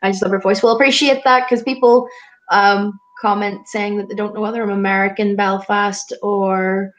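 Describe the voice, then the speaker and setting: A woman interviewing a guest in a casual chat, talking quickly and filling her sentences with "like". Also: mid-range voice, fairly even intonation. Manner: chatty, quick, full of "like" fillers.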